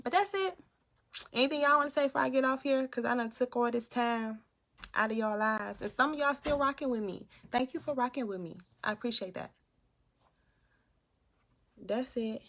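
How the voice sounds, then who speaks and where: A woman's voice: a little high, normal speed, pauses often, a bit bright. A young woman hosting a casual live stream from her room, chatting and reading viewers' comments aloud. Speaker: motivational livestream host. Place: home room.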